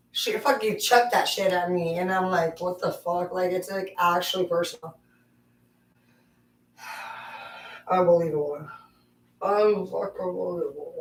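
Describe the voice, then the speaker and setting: A woman's voice: on the low side, fairly even intonation, unhurried, pauses often, a bit bright. A woman vlogger chatting casually at home, talking playfully to her pets and swearing freely. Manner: playful, profane, talks to her pets in a singsong voice. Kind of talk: casual chat to her dogs. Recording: echoey room, distant mic.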